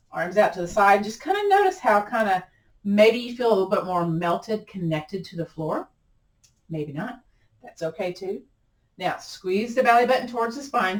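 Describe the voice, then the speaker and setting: A woman teaching a gentle yoga class, chatty and encouraging, often laughing at herself. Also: medium pitch, roomy sound, distant mic, poor audio. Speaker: yoga instructor.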